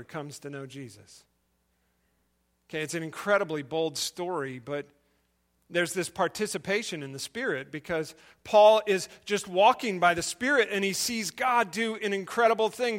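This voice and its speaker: A man's voice: high-pitched, a bit bright. A male preacher giving a sermon, retelling a story and asking the listeners questions.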